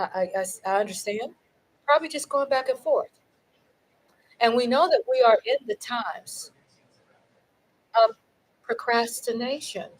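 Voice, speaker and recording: A middle-aged woman hosting a casual livestream, talking in a lively, chatty way and swinging from loud cheering to low asides. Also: low-quality recording. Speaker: livestream host.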